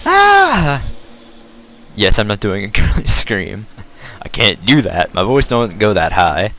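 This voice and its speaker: A man's voice: lowish voice, normal speed, fairly bright tone, a little hiss or hum. A man casually reading a visual novel aloud with wry, swearing asides. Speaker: let's play narrator.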